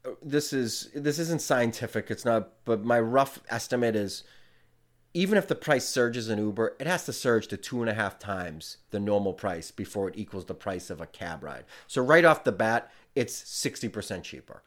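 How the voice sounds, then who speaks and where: A man's voice: fairly low pitch, expressive, normal speed. A young man, a comedian guest on a podcast, telling a casual story with lots of fillers and acted-out back-and-forth. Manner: rambling, filler-heavy, retells exchanges in dialogue.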